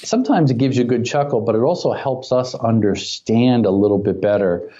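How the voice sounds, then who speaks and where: Security-expert guest, male, warm low-bright tone, lively storyteller, slightly muffled recording. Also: a little fast. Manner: animated storyteller who acts out quoted dialogue. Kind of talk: conversational podcast interview.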